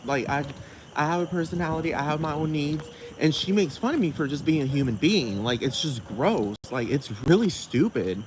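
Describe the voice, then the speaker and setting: A high-voiced man rants into his podcast from somewhere outside beside a busy road. He swears freely and leans on "like" every few words. Loud traffic noise sits behind him. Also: lively intonation, normal speed. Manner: ranting, profane, filler-heavy with frequent "like". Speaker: podcast host. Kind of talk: casual rambling monologue. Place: outdoors near a road with passing traffic. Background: cars and street traffic.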